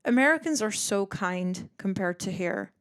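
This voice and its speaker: A woman in her twenties from the Netherlands, hosting a podcast in casual chat, animated and swearing freely, acting out other people's voices. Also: mid-range voice, normal speed, smooth. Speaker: podcast host.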